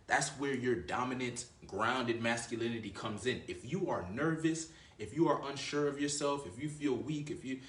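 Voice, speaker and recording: A man's voice: medium pitch, fairly bright tone, echoey room. A man giving blunt, profane dating advice in a casual monologue, with a swaggering manner and lots of filler words. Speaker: dating coach.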